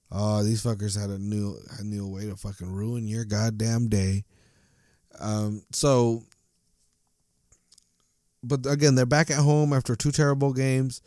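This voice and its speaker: A man's voice: mid-range voice, dark tone, no echo. Guy ranting mad about soccer, cursing nonstop, stumbly, dry close mic. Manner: angry, profane, stumbling ranting. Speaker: soccer fan commentator. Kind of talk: casual ranting monologue.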